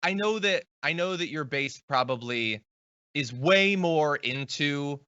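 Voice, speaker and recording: A man's voice: fairly high pitch, expressive, slow pace, pushed and bright, clear, resonant tone, no room sound. A man hosting a political commentary show, talking in a casual, wry way. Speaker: host. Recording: dry, dull lo-fi sound.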